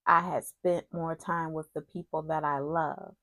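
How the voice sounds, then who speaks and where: A woman's voice: deep voice, little pitch movement, unhurried, a bit bright, no room sound. A woman casually recapping a soap opera's week, chatty and digressive with asides.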